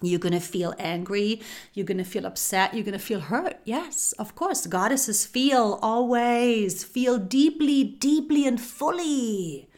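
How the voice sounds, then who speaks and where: A woman hosting a spiritual talk. She speaks softly and without hurry, repeats phrases like an incantation and drops into whispers for emphasis. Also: on the high side, a little slow. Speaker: spiritual podcast host. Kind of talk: slow spiritual guidance talk.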